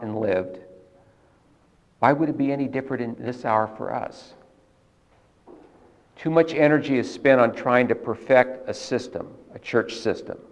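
A man preaching a sermon in an earnest, measured teaching manner, stressing key words with repetition. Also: medium pitch, lo-fi sound.

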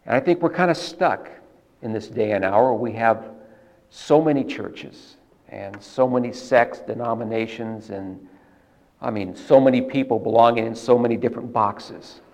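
A man preaching a sermon in an earnest, measured teaching manner, stressing key words with repetition. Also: mid-range voice, darkish tone.

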